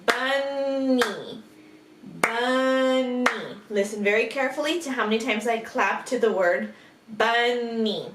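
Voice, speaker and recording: A woman teaching kindergarten phonics, sounding out letters and words slowly with exaggerated care and patient, encouraging questions. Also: on the high side, far from the mic. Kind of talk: recorded phonics lesson for young children. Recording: echoey room, off-mic, faint background hiss.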